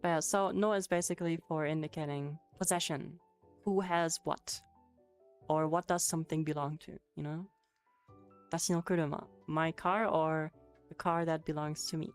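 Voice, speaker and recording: A woman's voice: deep voice, fairly even intonation, moderate pace, clean tone. A woman streaming a casual Japanese lesson on a headset, answering chat with giggles and swearing. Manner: giggly, swears, chatty and loose. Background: faint music playing.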